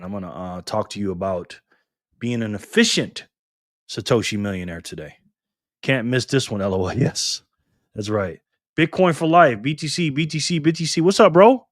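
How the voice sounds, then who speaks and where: A man's voice: fairly low pitch, expressive, normal speed, no echo, clean studio sound. A man hosting a casual live stream, greeting chat viewers by name in a friendly, upbeat way from home. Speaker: livestream host. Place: home room in Las Vegas.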